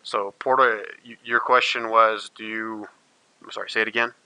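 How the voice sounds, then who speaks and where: Game master, male, crisp dry sound, meandering delivery. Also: lowish voice, little pitch movement, normal speed, sharp tone, no room sound, low-quality recording. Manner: rambling, many uh fillers. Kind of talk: narrating a tabletop game.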